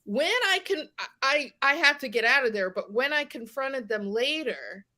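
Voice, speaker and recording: A woman from West Virginia, a podcast guest, telling a personal story in an animated way. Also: high-pitched, moderate pace. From West Virginia, USA. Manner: animated storyteller, acts out quoted exchanges. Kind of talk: podcast conversation.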